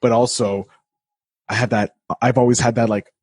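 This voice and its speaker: A man's voice: medium pitch, flat delivery, normal speed, a little mellow, no echo. A man hosting a casual podcast chat, riffing enthusiastically. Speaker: podcast host.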